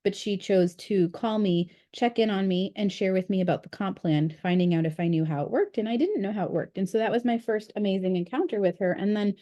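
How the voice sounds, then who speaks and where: A woman's voice: mid-range voice, a little fast, few pauses, dark tone, lo-fi sound. A woman leading a book study group over a video call, talking in a chatty, candid way with frequent fillers. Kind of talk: casual group discussion.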